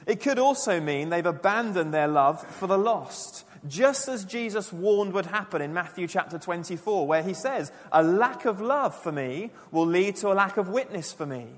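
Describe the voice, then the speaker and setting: A man preaching a sermon to his church, earnest and emphatic, dropping his voice low and quiet for key lines. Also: animated, normal speed, hardly any pauses. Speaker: pastor. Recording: long church reverb.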